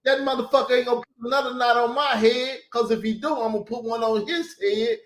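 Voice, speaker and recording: A man's voice: very high voice, fairly even intonation, fast, roomy sound. A man, hosting a casual talk and telling stories in a blunt, profane way. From Southern United States. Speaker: host. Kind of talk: casual chat.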